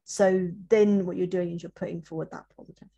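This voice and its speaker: Woman interview coach, low husky voice with a gravelly edge, chatty webinar talk, restarts her sentences a lot. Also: fairly even intonation, brisk, warm tone, highs cut off. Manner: chatty, self-correcting, many restarts.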